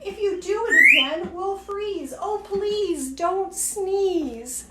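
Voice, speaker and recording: A woman's voice: extremely high pitch, slow, sharp tone, reverberant, pitched above the performer's own voice, full character voice. Woman doing a pleading storybook fish.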